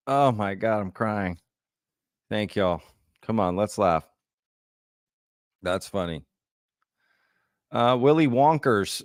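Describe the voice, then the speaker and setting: A man's voice: fairly low pitch, animated, slow, long pauses, no echo, clean studio sound. A man hosting a live Q&A, reading chat comments aloud and laughing often. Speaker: livestream host.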